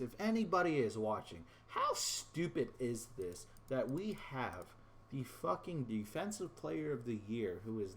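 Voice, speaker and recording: A man's voice: mid-range voice, slight background noise. Frustrated swearing male gaming YouTuber. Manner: frustrated, swearing, rambling rants; addresses viewers as "boys". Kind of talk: casual gameplay commentary.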